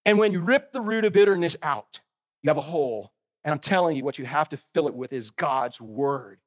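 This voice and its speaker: High-voiced, lively preacher man. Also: brisk. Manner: animated preaching with asides and jokes to the congregation. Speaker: pastor. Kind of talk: sermon.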